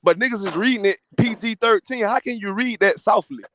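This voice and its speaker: High-voiced man preaching casually, dry sound. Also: a little fast, sharp tone, no room sound. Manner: profane, emphatic preaching about faith. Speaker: podcast host. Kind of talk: casual chat.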